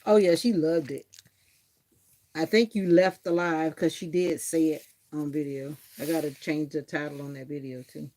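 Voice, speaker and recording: A woman's voice: low voice, steady tone, normal speed, mellow. A woman hosting a casual livestream, rambling and chatty as she grooms her dog. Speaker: livestream host. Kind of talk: casual chat.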